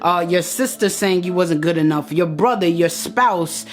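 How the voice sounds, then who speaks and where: A woman's voice: fairly low pitch, measured pace, faint music behind. A woman giving an impassioned motivational address, preaching straight at her listeners and repeating phrases for emphasis. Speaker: motivational speaker.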